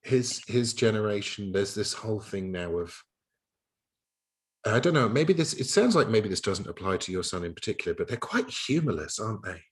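Deep-voiced man interviewing. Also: sing-song, normal speed. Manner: wry, thoughtful, asks leading questions. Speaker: interviewer and host. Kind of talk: conversational interview.

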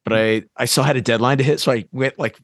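Chatty host man, voice going hoarse. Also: medium pitch, quick pace, no echo, studio quality. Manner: animated storyteller, acts out quotes. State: losing his voice. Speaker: podcast host. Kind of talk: casual podcast chat.

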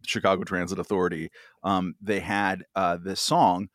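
Male guest, fifties, lower register, rambling and self-mocking, dry close-miked sound. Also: level tone, normal speed, a bit bright, no echo. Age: 50s. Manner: rambling, full of fillers and self-deprecating asides. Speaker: podcast guest. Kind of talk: casual chat.

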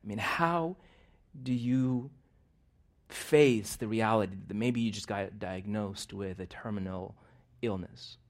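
A man with a lowish voice preaches slowly in a church. He starts by praying, then recounts a personal story full of laughs, veering between loud bursts and soft asides.

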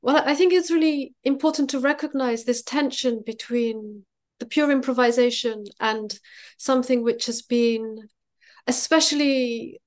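A woman artist answering interview questions thoughtfully, pausing and searching for her words. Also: fairly high pitch. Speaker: guest artist.

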